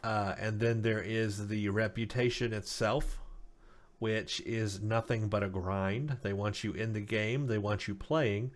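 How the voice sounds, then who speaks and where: A man's voice: lowish voice, fairly even intonation, a little slow. A man hosting a casual game news update who sounds tired and says he is losing his voice, talking with many ums and uhs as he reads out stats. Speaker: gaming news host.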